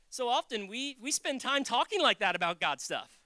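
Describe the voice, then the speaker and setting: Lively, bright-voiced preacher. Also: mid-range voice, normal speed, no echo. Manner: animated, acts out quotes, jokes. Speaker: pastor. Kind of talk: conversational sermon.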